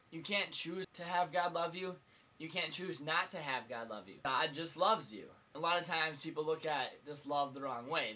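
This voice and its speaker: A young man delivers a casual vlog sermon in an earnest, plain-spoken way. His voice sits a little high and sounds bright and forceful, and he hammers his main points through repetition. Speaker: vlogger preacher.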